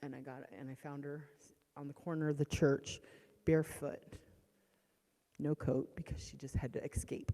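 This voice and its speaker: A middle-aged woman speaks with a warm, mellow voice as she shares a painful testimony in a church sanctuary. She stops and restarts often, dropping to near-whispers and then rising to loud, strained outbursts. Her words ring with the long reverb of a large church hall. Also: deep voice, little pitch movement. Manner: voice swinging from hushed to loud and strained; halting, with restarts. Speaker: church member giving a testimony. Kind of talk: emotional personal testimony.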